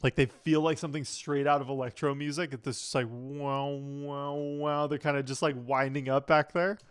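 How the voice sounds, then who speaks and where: Man, mid-pitched, clear and smooth, an excitable reaction-channel producer. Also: brisk. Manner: enthusiastic, often hums and vocalizes sounds to explain them. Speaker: music producer reacting to an album. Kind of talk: casual reaction commentary. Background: faint music playing.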